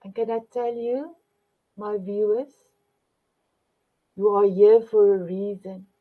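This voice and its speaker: "My beautiful ones" is the phrase a motivational talk show host keeps repeating as she warmly, affectionately speaks to her viewers. Her mid-range voice is fairly even in intonation and unhurried, captured with dull lo-fi sound.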